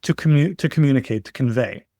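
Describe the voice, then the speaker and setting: A man's voice: mid-range voice, fast, mellow, no room sound. Man explaining with stories, dry sound. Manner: explains points with stories and examples. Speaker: podcast guest. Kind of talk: explanatory interview talk.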